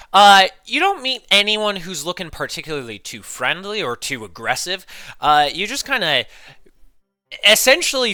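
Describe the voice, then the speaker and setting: A man running a tabletop game as game master, narrating in a lively way with lots of fillers. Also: a little high, no echo.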